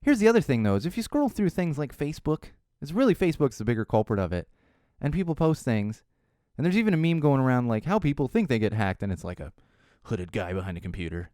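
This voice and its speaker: A man hosting his own podcast, talking solo in an animated, ranting way and mocking other people's voices. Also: medium pitch, quick pace, no echo, clean studio sound. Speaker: podcast host.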